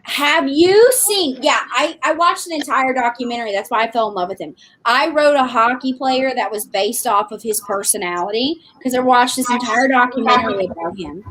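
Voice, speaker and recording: Chatty Southern woman, high voice. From American South. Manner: animated, chatty, laughs often. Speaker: podcast guest, romance author. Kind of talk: casual chat.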